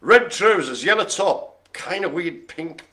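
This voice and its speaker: Lively, bright-voiced bingo host. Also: male voice, high-pitched, measured pace. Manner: jokey, teasing banter. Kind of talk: live-streamed bingo calling.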